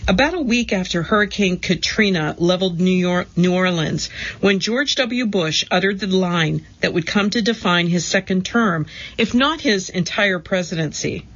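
A woman giving a steady, measured scripted narration of magazine articles. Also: on the low side, muffled recording.

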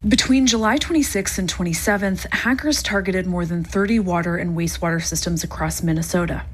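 A woman's voice: on the low side, brisk. A woman reporter filing a formal radio news story.

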